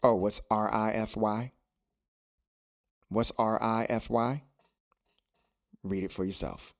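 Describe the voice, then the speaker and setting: A man's voice: on the low side, steady tone, takes it slowly, vocal fry. A man hosting a podcast, speaking in a preachy, motivational way and repeating phrases for emphasis. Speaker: podcast host.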